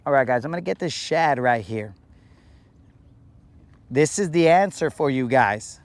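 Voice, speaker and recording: A man's voice: medium pitch, expressive, measured pace, no room sound. A man hosting a live fishing stream outdoors on a lake, playful and full of slang as he jokes with his chat. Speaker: fishing livestream host.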